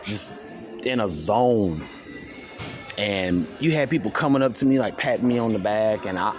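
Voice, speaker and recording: A man telling a rambling story on his vlog, laughing and mimicking others. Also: fairly low pitch. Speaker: vlogger. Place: store, walking around.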